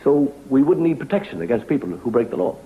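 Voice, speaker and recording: A man doing a stand-up monologue with wry, deadpan storytelling in a TV studio. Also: mid-range voice, fast. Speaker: comedian. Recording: dull lo-fi TV recording with faint hiss.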